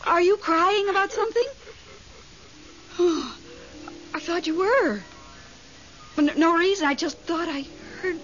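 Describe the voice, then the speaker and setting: An actress playing a nervous, devoted middle-aged widow in a 1970s radio drama, fretful and excitable. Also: female voice, extremely high pitch, a little slow, long pauses. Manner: fretful, excitable, talks on the phone. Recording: dull vintage radio broadcast, faint hiss.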